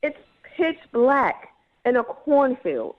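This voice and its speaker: A woman's voice: sits high, very animated. A woman calling into a radio show, dramatic and exasperated, mocking the man she went out with. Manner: dramatic, exasperated, quick to mock. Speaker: caller. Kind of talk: call-in radio complaint. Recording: muffled phone line.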